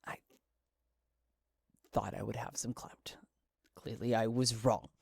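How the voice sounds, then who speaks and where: A man voicing a composed male official on the run, speaking calmly and quietly in a solo tabletop game. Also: on the low side, creaky, breathy edge, no echo, studio quality, voice pushed down, full character voice. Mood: rueful. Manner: calm, measured, quiet.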